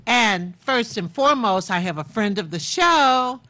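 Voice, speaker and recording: A woman's voice: fairly high pitch, expressive, a little slow, sharp tone. An older woman hosting a chatty TV interview, effusive and repeating words for emphasis. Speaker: talk show host.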